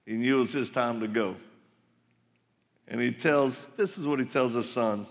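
Speaking at a moderate pace in a mid-range voice, this conference speaker delivers a live sermon in a big hall before an audience. His style is folksy storytelling sprinkled with laughter and side remarks, captured with noticeable hall reverberation.

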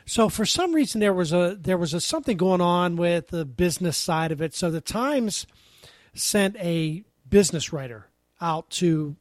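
A man talking as a guest on a casual podcast, telling an animated anecdote and acting out the quotes. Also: high-pitched, moderate pace, no room sound, clean studio sound.

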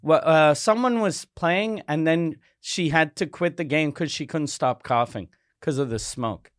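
A man's voice: fairly high pitch, measured pace, no room sound, studio quality. A man co-hosting a comedy podcast, chatting casually with many fillers and frequent swearing. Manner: laid-back, swears freely, many fillers. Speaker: podcast co-host.

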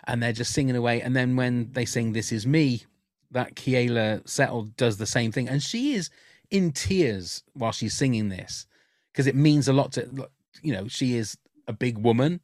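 A man's voice: medium pitch, normal speed, a little mellow, no room sound, clean studio sound. A man talking as a podcast guest, telling candid stories in casual chat with lots of restarts. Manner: chatty, candid storytelling with frequent restarts.

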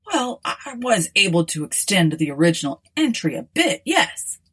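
A woman's voice: on the low side, very animated, normal speed, fairly bright tone, husky, full character voice. A woman voicing a breezy, unflappable male alien traveler in an audiobook, with an offhand, matter-of-fact delivery.

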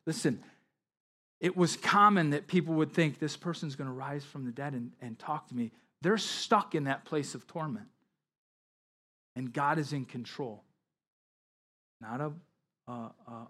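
A man's voice: medium pitch, measured pace, pauses often, bright, forceful tone. A man preaching a sermon as pastor, reading scripture aloud with emphatic rises and explaining it.

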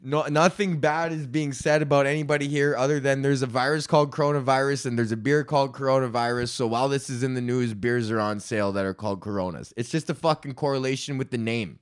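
A man's voice: medium pitch, steady tone, fast, hardly any pauses, clear, resonant tone. A man hosting his own podcast in a casual ranting monologue, swearing constantly, rambling and laughing often. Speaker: podcast host.

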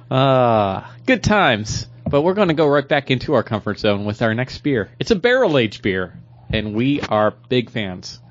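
A man co-hosting a podcast, talking casually about comic books and beer, joking with animated delivery. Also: mid-range voice, a little slow. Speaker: podcast co-host. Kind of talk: casual chat. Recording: dull lo-fi podcast audio.

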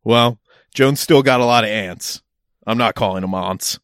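A man's voice: mid-range voice, normal speed, fairly bright tone, dry recording, studio quality. A young man, chatting casually as a podcast co-host and telling stories with lots of restarts and laughs. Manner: rambling, frequent restarts and laughter. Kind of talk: casual chat.

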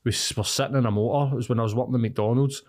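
A young man with a Glaswegian accent, co-hosting a podcast and telling animated, sweary stories in casual chat. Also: medium pitch, racing. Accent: Scottish, Glaswegian. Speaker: podcast co-host.

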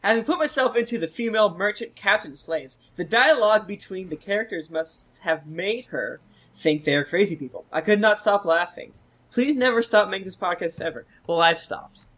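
Lively, bright-voiced podcast regular. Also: mid-range voice, moderate pace. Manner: playful, jokey asides between reviews. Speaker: podcast cast member. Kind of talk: casual chat, reading listener reviews aloud.

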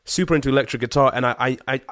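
A man from Zimbabwe tells a story as a guest musician in a casual chat. He talks in an animated, slangy way, full of fillers and the odd curse. His voice sits at a middle pitch, and the sound is dry and close, with no room echo. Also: very fast. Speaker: guest singer-songwriter.

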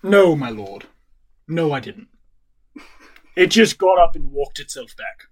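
A man's voice: fairly high pitch, big pitch swings, measured pace. A man doing a flustered loyal butler. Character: loyal old male butler servant.

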